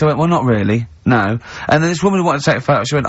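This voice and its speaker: Giggly English radio host telling stories. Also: male voice, very fast, hardly any pauses. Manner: lively storyteller, laughs often, high-pitched giggle. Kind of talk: casual radio banter and anecdotes. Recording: dull lo-fi radio broadcast.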